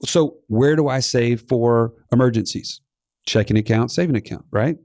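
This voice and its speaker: A man in his thirties co-hosting a casual finance podcast, talking in an animated way with playful sarcasm. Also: medium pitch, normal speed, dry recording, studio quality. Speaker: podcast co-host.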